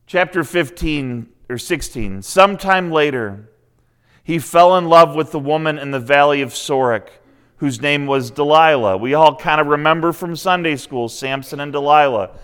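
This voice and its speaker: Guy preaching, kinda high voice, smooth and clear, chatty storytelling with little asides. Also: moderate pace, fairly bright tone. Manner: conversational, retells scripture with asides. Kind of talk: sermon.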